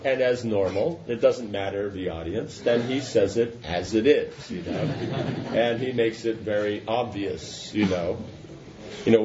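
A man giving a scripture class in a loose, conversational way, often stopping to ask if his listeners follow. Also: on the low side. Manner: conversational, checks understanding with asides. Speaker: religious teacher. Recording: dull lo-fi with faint noise.

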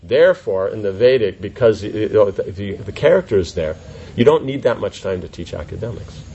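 Man teaching a class, lowish voice, lively and rhetorical; muffled, faintly noisy room recording. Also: a little fast, gravelly. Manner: animated, rhetorical questions, mock voices. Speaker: spiritual teacher answering questions. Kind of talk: informal class Q&A.

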